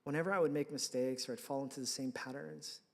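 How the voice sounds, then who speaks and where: Animated male pastor in a reverberant hall. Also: medium pitch, quick pace, gravelly. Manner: animated, conversational, acts out his own reactions. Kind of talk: sermon with personal storytelling. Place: church sanctuary.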